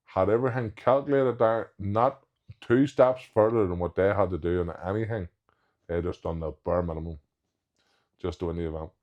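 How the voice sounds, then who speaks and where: A man, a professional strongman guest on a podcast, telling anecdotes in casual chat and acting out what others said. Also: sits low. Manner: anecdotal, quotes others in retold dialogue.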